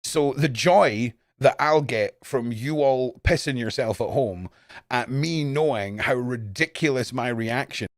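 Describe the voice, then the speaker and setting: A young man chatting casually and profanely on a live stream, jumping between loud outbursts and low mutters. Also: measured pace, no room sound, studio quality. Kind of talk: casual rambling stream chat.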